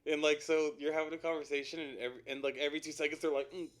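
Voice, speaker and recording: A young man co-hosting a casual chat show, cutting in with teasing, quick remarks. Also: fairly high pitch, little pitch movement. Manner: teasing, quick-fire interjections. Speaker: co-host.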